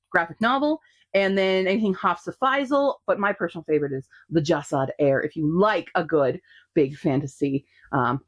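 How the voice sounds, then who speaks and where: A woman vlogging casual book recommendations to camera, chatty and upbeat with frequent ums and asides. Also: lowish voice.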